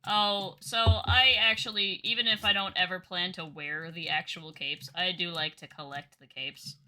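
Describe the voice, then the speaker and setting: Bright-voiced woman streamer chatting. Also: lowish voice, steady tone, normal speed. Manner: chatty, lots of "like" fillers. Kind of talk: casual chat while gaming.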